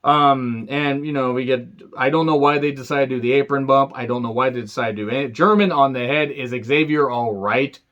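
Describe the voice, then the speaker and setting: A man reviewing a wrestling show in a casual, profane rant, sarcastic and dry, with sudden sharp outbursts. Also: medium pitch, fairly quick, few pauses, highs cut off.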